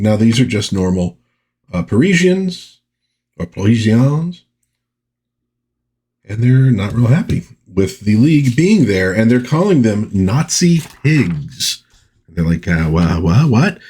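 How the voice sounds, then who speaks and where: A man's voice: medium pitch, a little mellow, breathy edge. A man giving a casual comic book review, chatty and rambling with wry asides. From United States.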